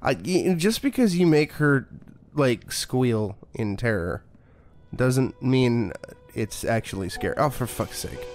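Slow-talking sarcastic male streamer. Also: medium pitch, expressive, darkish tone, slight background noise. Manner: sarcastic, profane, mock-scared. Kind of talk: casual game commentary.

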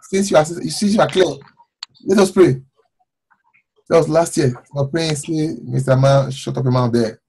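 A man, an apostle, leading fervent prayer and preaching a sermon, repeating phrases and rising to shouts. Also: a little high, moderate pace, gravelly, slightly rough. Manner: fervent, repetitive, shouting at times.

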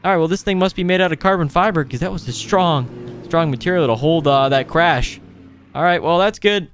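Man, gaming host, casual play-by-play, excitable, slightly high voice. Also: brisk, a little hiss or hum. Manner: excitable, frequent exclamations, addresses viewers as boys. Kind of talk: casual gameplay commentary.

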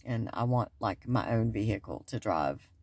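A woman's voice: rumbling low, lively intonation, normal speed, darkish tone, husky, dry recording. A woman chatting and joking to viewers in a casual vlog, filmed on a phone in and around her car. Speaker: vlogger. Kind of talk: casual chat to camera. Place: in and around a car, going into a store.

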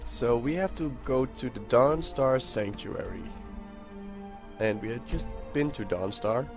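A young man hosting a casual let's-play, excitable and chatty with his viewers, with a hoarse voice that keeps cracking. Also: mid-range voice, measured pace, over music. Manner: excitable, talks to viewers while playing. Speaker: gaming channel host.

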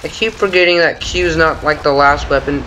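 A man's voice: fairly high pitch, normal speed, background noise. A young man giving casual gameplay commentary, muttering and cursing at the game as he plays. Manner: excitable, mutters and curses at the game. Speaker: gaming channel host. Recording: faint gunfire game audio behind.

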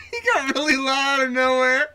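A man's voice: very high voice, moderate pace, sharp tone. A man streaming a video game from his home setup, chatting casually, laughing often and swearing freely. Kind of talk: casual gaming chat.

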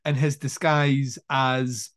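A man's voice: medium pitch, takes it slowly. A man co-hosting a podcast, eagerly retelling movie scenes in casual, profane chat with laughs and restarts. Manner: animated retelling of scenes, frequent swearing; many fillers and restarts, laughs while talking. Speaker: podcast co-host. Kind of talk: casual film discussion.

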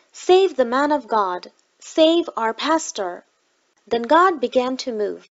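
A woman reading a book aloud in the first person, with a slow, even delivery. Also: sits high, dull audio. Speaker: audiobook reader.

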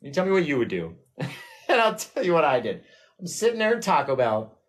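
A man's voice: on the high side, wildly swooping pitch, a little fast. A man hosting a live painting stream, chatting casually with viewers in a rambling, self-mocking way and laughing often. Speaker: livestream painting host.

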